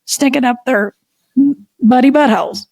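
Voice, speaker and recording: Southern woman co-host, spins lively folksy yarns, dead-dry mic sound. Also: high voice, normal speed, no echo. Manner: animated, folksy storyteller. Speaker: podcast co-host. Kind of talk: casual storytelling chat.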